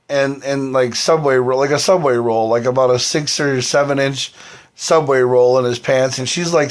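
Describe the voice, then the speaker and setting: A man on a live stream, rambling on at length, swearing freely and leaning on fillers like "you know" and "like". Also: mid-range voice. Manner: profane, rambling, heavy fillers.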